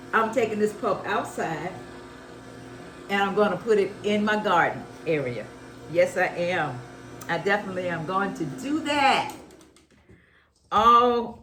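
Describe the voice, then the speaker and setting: A woman's voice: medium pitch, a bit bright, echoey room, a little hiss or hum, low-quality recording. A woman, chatting while juicing and exclaiming, repeating phrases like a preacher. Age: 70s. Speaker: health vlogger. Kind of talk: casual chat while juicing.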